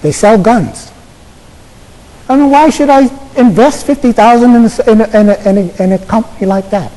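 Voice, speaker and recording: An American man, a Buddhist monk, giving a casual Zen dharma talk to an audience, halting and full of fillers, often checking in with "okay?". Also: very high voice, steady tone, mellow. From United States. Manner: halting, conversational, many fillers and repeated "okay?". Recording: echoey lecture hall.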